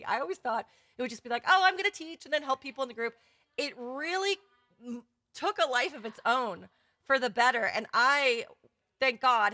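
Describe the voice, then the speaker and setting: A woman's voice: mid-range voice, pushed and bright, no room sound, clean studio sound. A woman hosting a casual livestream for her students, chatty and effusive, laughing often. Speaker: course host running a live giveaway. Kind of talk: casual livestream talk to viewers.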